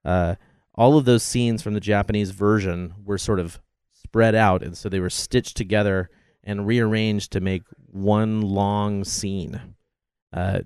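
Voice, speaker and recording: A man's voice: on the low side, darkish tone, smooth, dry recording, studio quality. A man co-hosting a film commentary, chatting wryly and packing in trivia. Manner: knowledgeable, wry, trivia-heavy. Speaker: podcast co-host.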